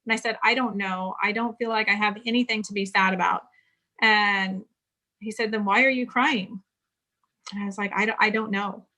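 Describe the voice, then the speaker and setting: Woman in her 40s from California, interview guest, bright and forceful tone, recounts her past frankly. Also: medium pitch, fairly even intonation, moderate pace. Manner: candid storytelling, quotes others in dialogue. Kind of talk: casual interview conversation.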